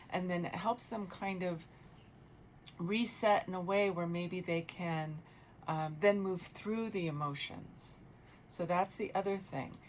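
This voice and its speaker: A lower-pitched woman talks through parenting advice on a radio show, earnest and reflective, pausing and restarting as she thinks. Recorded in a radio studio with a faint hiss underneath.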